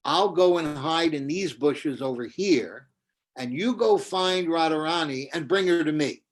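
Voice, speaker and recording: A man voicing a young husband who feigns being upset while calmly laying out a plan. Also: a little high, unhurried, close to an everyday voice. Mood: scheming. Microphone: video call.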